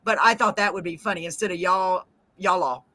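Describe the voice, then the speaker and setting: A middle-aged woman hosts a casual talk show, full of slang and frequent laughter. Her voice is bright and forward, recorded close and dry with no room sound. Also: mid-range voice, fairly even intonation, quick pace, no room sound. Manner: chatty, laughs often, Southern slang. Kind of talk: casual chat.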